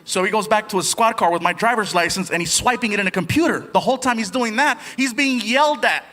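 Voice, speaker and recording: Animated high-voiced comedian in a big hall. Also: male voice, fast. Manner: animated, jumps between voices. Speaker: stand-up comedian. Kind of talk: stand-up storytelling. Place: large comedy venue. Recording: live hall with audience noise.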